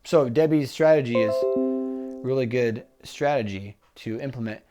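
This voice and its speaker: A man co-hosting a casual business chat, talking conversationally and pitching a one-on-one call. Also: moderate pace, over loud music. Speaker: business coach co-host.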